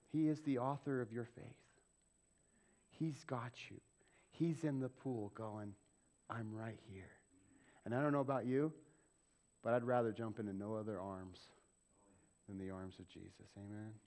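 A man preaching a sermon as pastor of a church, asking the congregation questions and acting out quoted voices. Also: mid-range voice. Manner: animated, asks the congregation questions and acts out quick quoted voices.

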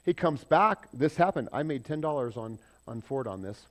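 A man preaching a sermon, asking his congregation questions and swinging between loud emphasis and soft asides. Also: mid-range voice, animated, normal speed. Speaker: pastor.

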